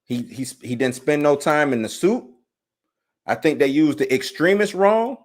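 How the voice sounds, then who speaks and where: Animated man hosting a casual live show. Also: a little high, normal speed. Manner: animated, conversational, frequent "you know what I'm saying". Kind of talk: casual live-stream commentary.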